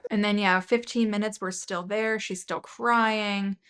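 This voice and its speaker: This is a woman hosting a commentary video. She talks at a middle pitch and sounds indignant as she picks apart a clip and reads out viewer comments in a plain voice. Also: steady tone, measured pace, fairly bright tone, clean tone. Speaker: commentary channel host.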